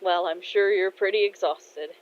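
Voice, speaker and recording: A woman voicing a kind, modest male shop owner who speaks calmly and reassuringly in a spoken fan story. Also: mid-range voice, moderate pace, lightly acted. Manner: calm, reassuring. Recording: dull lo-fi recording.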